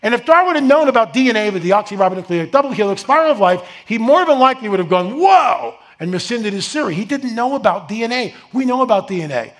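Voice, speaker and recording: A middle-aged man delivering an animated lecture to a live audience in a fairly high voice. He rambles with restarts and asides, then builds to emphatic, near-shouted rhetorical questions. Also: quick pace, hardly any pauses. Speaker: speaker presenting a slide lecture.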